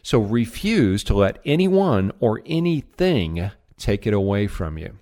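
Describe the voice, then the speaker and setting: A middle-aged man giving an energetic, emphatic motivational talk on sales, as a trainer. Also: unhurried. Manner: energetic, emphatic, varies pitch widely.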